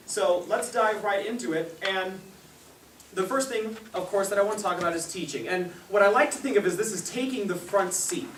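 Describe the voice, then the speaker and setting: A young man presenting a parenting seminar to a live audience, telling stories, laughing often and acting out the people he quotes. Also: a little high. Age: young adult. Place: meeting room with a live audience. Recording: echoey room, distant mic, faint hiss.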